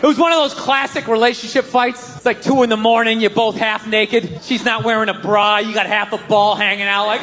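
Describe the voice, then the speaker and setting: A man with a very high voice rants through a stand-up bit, jumping into shouts. The sound carries a long reverb, with the crowd clearly heard behind him. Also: fairly quick, noisy background. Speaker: stand-up comedian. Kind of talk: stand-up set. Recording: live club with crowd and reverb.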